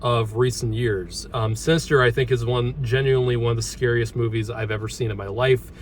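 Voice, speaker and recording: A man hosting a casual movie review, halting often with ums and restarts as he talks through a horror mask. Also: mid-range voice, fairly even intonation, slight background noise.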